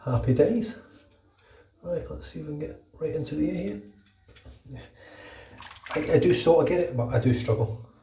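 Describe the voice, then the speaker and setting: British man, casual shaving vlog, sweary rambling chat, mellow voice, echoey bathroom, distant mic. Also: on the high side, animated, moderate pace, pauses often, slight background noise. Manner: chatty, swears freely, rambling. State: under the weather with a cold. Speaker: shaving vlogger. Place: bathroom at home.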